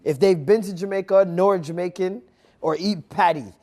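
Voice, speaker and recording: A young man guesting on a podcast, telling animated stories in casual chat, swearing freely and calling people "bro.". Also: high-pitched, normal speed. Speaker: podcast guest and stand-up comedian. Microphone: clear guest mic.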